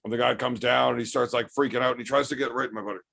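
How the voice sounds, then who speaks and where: A man's voice: mid-range voice, fairly even intonation, very fast, gravelly, fairly bright tone, slight background noise. A middle-aged man hosting a livestream chat, telling a rambling, profane story while a bit tipsy. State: drinking, tipsy. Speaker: livestream host reading chat.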